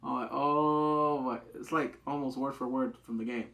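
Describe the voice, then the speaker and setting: A man casually reviewing a TV episode, excitable, acting out quotes with big jumps in pitch and swearing loosely. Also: fairly quick, gravelly. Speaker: TV show reviewer.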